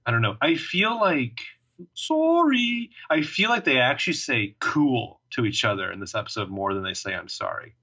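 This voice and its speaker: A man co-hosting a podcast, chatting casually, quipping and rambling through plenty of fillers. His voice has a bright, forward edge, and the recording sounds dull and lo-fi. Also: mid-range voice, lively intonation, fast, few pauses, husky. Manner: joking, rambling, lots of fillers. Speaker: podcast co-host. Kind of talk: casual chat.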